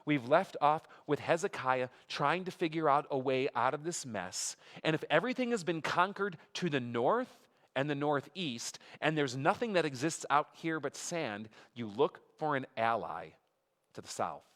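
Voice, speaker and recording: A man with a slightly high, expressive and fairly bright voice, speaking at a measured pace, teaches a Bible study as a pastor in a church sanctuary. His sermon is conversational: he reads scripture aloud with emphatic rises and makes asides to the congregation, and the hall adds a long reverb.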